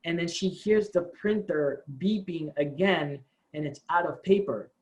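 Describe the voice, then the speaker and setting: A man's voice: a little high, unhurried, low-quality recording. A man, a company co-founder, telling the story of his start to his staff, acting out the dialogue. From United States. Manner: animated storytelling, acts out quoted dialogue.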